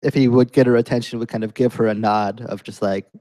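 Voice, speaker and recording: A man's voice: mid-range voice, steady tone, fast, warm tone, low-quality recording. Casual male player, lots of likes. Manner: casual, filler-heavy. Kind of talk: playing a tabletop game.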